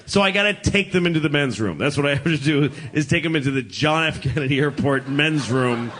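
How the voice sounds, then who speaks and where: A middle-aged man doing live stand-up comedy, telling stories in an animated, profane and exasperated way. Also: fairly high pitch, brisk, a little hiss or hum.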